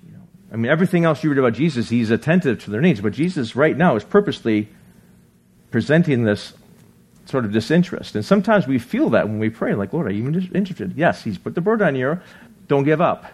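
A man preaching a sermon in a conversational way, reading scripture aloud and often checking in with listeners with a quick "right?". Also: mid-range voice, sing-song, breathy edge. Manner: reads scripture aloud, acts out quotes. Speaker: pastor.

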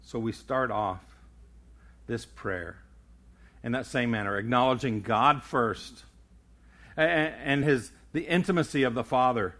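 An older man delivering a sermon from the pulpit in an earnest, teaching manner. His voice sits in an ordinary middle pitch, and he often trips over words and restarts them before pressing on. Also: a little slow, pauses often, fairly bright tone. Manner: earnest preaching with frequent stammered restarts. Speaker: pastor.

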